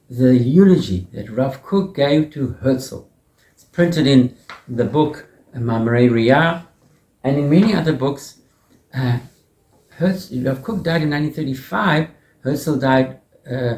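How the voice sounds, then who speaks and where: A man teaching a Torah lesson as a rabbi in an animated way, often repeating words and mixing in Hebrew terms. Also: mid-range voice, roomy sound.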